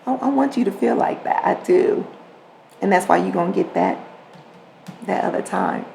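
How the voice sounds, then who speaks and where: A woman with a gravelly, creaky edge to her voice talks through a story on her podcast, often repeating words and slipping into the voices of the people she quotes. Her delivery is relaxed and conversational, with a faint hiss of noise under the recording. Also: mid-range voice, moderate pace, rough recording. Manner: animated, repeats words, acts out quoted exchanges. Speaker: podcast host. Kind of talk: casual storytelling monologue.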